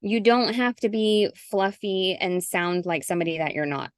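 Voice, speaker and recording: A woman's voice: mid-range voice, moderate pace, clean tone, no echo, clean studio sound. Chatty woman coaching on a video call. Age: middle-aged. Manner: chatty, animated, acts out sample messages. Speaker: guest coach. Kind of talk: casual zoom call. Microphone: video call mic.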